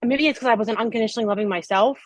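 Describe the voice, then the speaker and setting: A woman's voice: a little high, very fast, no room sound, poor audio. Earnest woman hosting a podcast. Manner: earnest and reflective, with 'um' and 'like'. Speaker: podcast host. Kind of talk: casual candid chat.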